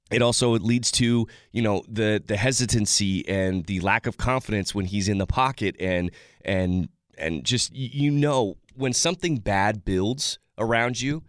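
Rambling low-voiced sports analyst man. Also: dry recording, studio quality. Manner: rambling with many restarts and fillers.

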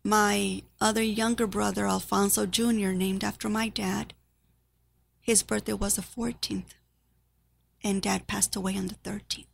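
A woman's voice: medium pitch, little pitch movement, measured pace, creaky, slightly rough. A middle-aged woman giving an earnest, grieving personal testimony about her family.

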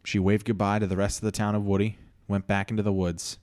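A male podcast host with a fairly low voice tells a comic story. He talks in an easygoing, chatty way and laughs often. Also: level tone, fast, a little mellow, no echo, clean studio sound. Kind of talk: improvised comedic storytelling.

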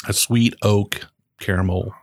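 A man co-hosting a casual bourbon tasting, describing the flavors in a measured way. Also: on the low side, steady tone, no room sound.

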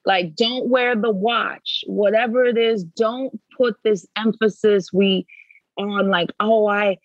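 A woman guest in a casual interview, telling stories in an animated, emphatic way and repeating words for effect. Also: mid-range voice, takes it slowly, no echo, highs cut off. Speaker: podcast guest.

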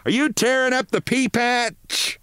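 A bossy older woman from an office, loud and shrill, shouting and braying her lines, as a man puts her on in a read-aloud story. Her voice jumps high and swings all over. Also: big pitch swings, measured pace, dry recording, clean studio sound.

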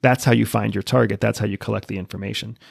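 Gravelly, husky man explaining confidently. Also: on the low side, steady tone, fast, dry recording, clean studio sound. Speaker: podcast guest, former spy. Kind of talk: casual interview talk.

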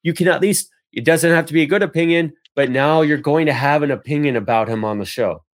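A man's voice: fairly high pitch, fast, no echo, studio quality. A man co-hosting a casual wrestling podcast, thinking aloud with hesitant restarts. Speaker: podcast co-host.

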